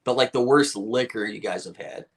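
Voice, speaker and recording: A man's voice: mid-range voice, normal speed, a little hiss or hum. A man hosting a live stream, chatting casually with viewers, rambling, laughing often and swearing freely.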